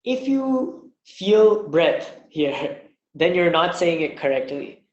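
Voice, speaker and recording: Guy teaching an online class, patient, slightly high voice, lots of room echo. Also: sing-song, lo-fi sound. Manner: patient, demonstrates sounds slowly. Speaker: language teacher. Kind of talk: online lesson. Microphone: webinar mic.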